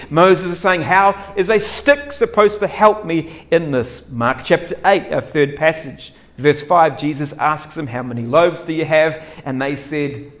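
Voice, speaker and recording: Animated man preaching a sermon. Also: a little high, measured pace. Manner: animated, acts out characters' doubts with dramatic swings in loudness. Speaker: pastor.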